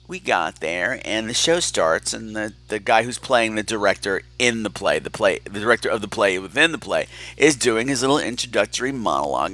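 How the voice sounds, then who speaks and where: Campy, lively man hosting a podcast. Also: mid-range voice, a little fast. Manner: campy, sardonic, animated storytelling. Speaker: podcast host. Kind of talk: casual chat.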